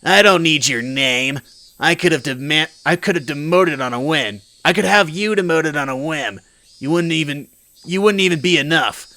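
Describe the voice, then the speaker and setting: A gruff old mob-boss politician, as a man puts him on while reading a visual novel aloud. He barks orders and threats in a loud, bright, raised voice, stern and commanding throughout. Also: a little high, normal speed, voice pushed up, poor audio. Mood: angry commanding.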